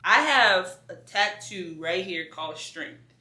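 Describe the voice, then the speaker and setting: A woman's voice: on the low side, lively intonation, slow pace, sharp tone. A young adult woman giving an earnest, conversational personal faith testimony as an interview guest, with casual slang. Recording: echoey room.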